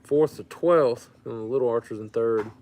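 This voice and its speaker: Man from Louisiana, mid-pitched, easygoing stream host answering chat. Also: moderate pace. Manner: relaxed, reads out and answers viewer comments. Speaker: fishing channel host. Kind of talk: casual livestream chat.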